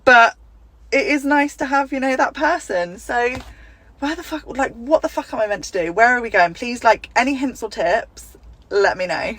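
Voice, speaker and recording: A woman's voice: on the high side, moderate pace, a bit bright, dry recording, rough recording. Exasperated woman in her thirties, blunt. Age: 30s. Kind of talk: vlog to camera.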